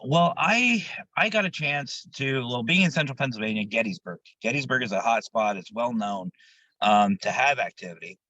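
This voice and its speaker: Guy with a sharp bright voice, a bit raspy, telling spooky stories real animated, dry sound. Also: mid-range voice, normal speed, no room sound, highs cut off. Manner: animated, jumps into quoted voices, laughs while telling stories. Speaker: paranormal investigator guest. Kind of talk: casual interview storytelling.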